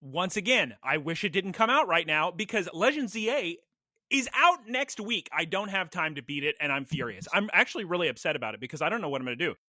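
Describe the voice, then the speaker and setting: A man's voice: high voice, big pitch swings, fast talker, pushed and bright, dry recording, clean studio sound. A man co-hosting a casual podcast, rambling through stories, laughing and acting out his own reactions. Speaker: podcast co-host.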